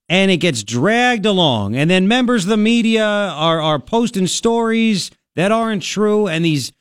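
A man's voice: high voice, no room sound, clean studio sound. A male talk radio host giving an emphatic, ranting political commentary.

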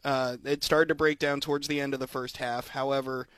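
A man's voice: medium pitch, level tone, fairly quick, fairly bright tone, no room sound. A man co-hosting a sports podcast, telling stories animatedly, laughing often and acting out voices in casual chat. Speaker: podcast co-host.

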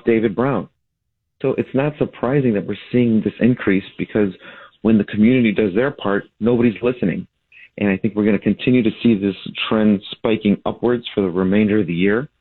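A man, a city alderman, speaking as a guest in a radio interview with steady, critical comments. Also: lowish voice. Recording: tinny phone line.

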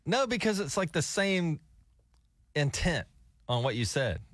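A joking male radio co-host keeps the morning banter light. His voice sits a bit high and moves a lot, and the studio sound is close and dry. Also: sing-song, measured pace, a bit bright, no room sound. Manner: joking, laughs often.

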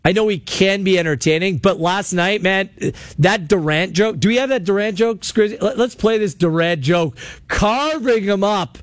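Chatty high-voiced radio host man. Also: normal speed, dry recording. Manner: chatty, animated, takes calls. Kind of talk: sports talk radio. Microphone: studio mic.

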